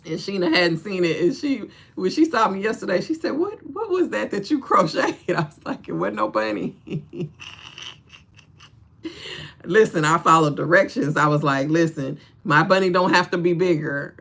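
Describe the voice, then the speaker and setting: Lively gravelly-voiced woman livestreaming. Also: lowish voice, normal speed. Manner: animated, laughs often, talks straight to viewers; preachy encouragement to the audience. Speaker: livestream host. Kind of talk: casual livestream chat.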